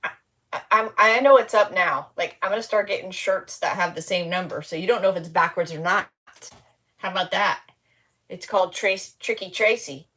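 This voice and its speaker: A woman's voice: on the low side, moderate pace, sharp tone. A woman hosting a casual live stream, tired and slap-happy, rambling as she greets viewers by name.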